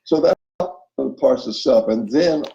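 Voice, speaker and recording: A man's voice: medium pitch, a little slow, vocal fry, mellow, echoey room, muffled recording. A man as an interview guest, explaining spiritual self-help ideas and checking in often with his listener. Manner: explanatory, acts out inner voices, checks in with listener.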